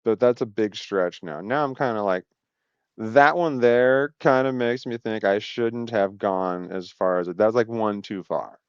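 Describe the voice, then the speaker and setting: A man with a smooth, resonant voice talks in a loose, meandering monologue, often breaking off mid-thought with wry asides. The sound is dry and close, with no room around it, and the recording is dull and lo-fi. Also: fairly low pitch, measured pace, no echo. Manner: meandering, self-interrupting, wry. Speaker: video host. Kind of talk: casual rambling monologue.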